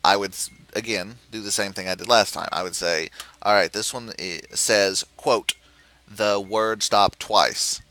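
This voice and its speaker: A man walking through a puzzle game as a tutorial presenter, explaining step by step and thinking aloud with frequent pauses and self-corrections. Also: deep voice, steady tone, bright, forceful tone, slight background noise, poor audio. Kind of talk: screen-recorded game tutorial.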